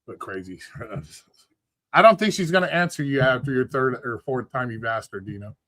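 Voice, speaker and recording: A man's voice: mid-range voice, animated, normal speed, fairly bright tone. A man hosting a crude casual chat show, blunt and joking, swearing freely. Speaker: show host.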